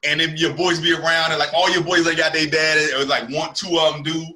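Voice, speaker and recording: A man's voice: a little high, little pitch movement, brisk, bright, forceful tone. A male comedian hosting a casual chat, telling loose slangy stories and laughing often. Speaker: comedian and podcast host.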